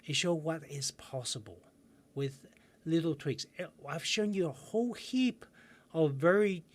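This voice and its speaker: A man coaching viewers in a self-help video lesson, calm and guiding, slowing down with pauses for breathing exercises. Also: on the high side.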